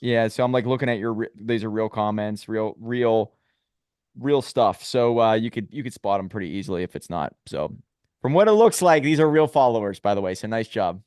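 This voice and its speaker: Friendly podcast host, smooth dry voice. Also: male voice, lowish voice, lively intonation, a little fast, darkish tone, no echo. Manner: friendly, upbeat interviewer asking questions. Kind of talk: casual interview. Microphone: video call.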